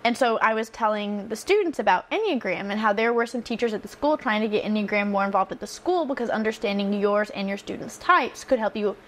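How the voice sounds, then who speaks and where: A young woman, a former teacher, chatting casually and telling animated stories. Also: mid-range voice, brisk, hardly any pauses. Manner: animated, laughs through her stories, acts out quotes. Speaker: podcast co-host, former teacher. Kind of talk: casual chat, storytelling.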